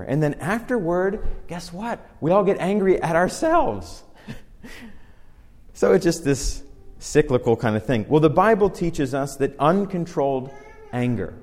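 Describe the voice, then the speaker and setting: A male pastor preaching a sermon in a conversational way, slowing down and stressing each scripture verse he reads. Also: a little high, darkish tone. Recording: long hall reverb.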